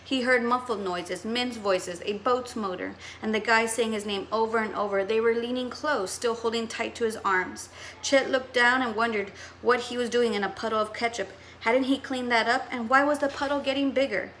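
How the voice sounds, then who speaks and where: A woman's voice: on the high side, moderate pace, a little hiss or hum. A woman teacher reading a novel aloud expressively to her students. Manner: expressive storytelling.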